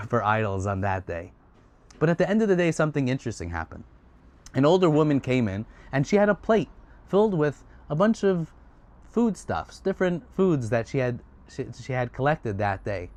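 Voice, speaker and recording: A man retelling a story in a casual, conversational way, getting animated at times. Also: mid-range voice.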